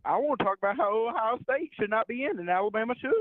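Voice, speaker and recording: Caller putting on a brash fake Southern heckler. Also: male voice, sits high, expressive, fast talker, no room sound. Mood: dismissive. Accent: put-on Southern. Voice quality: mocking, profane. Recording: tinny phone line.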